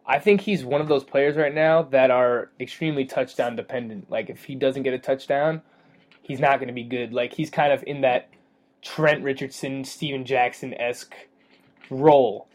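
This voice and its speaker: A man co-hosting a fantasy football podcast, chatting casually, rambling with fillers and quick to joke and laugh. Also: medium pitch, fairly even intonation. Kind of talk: casual sports chat.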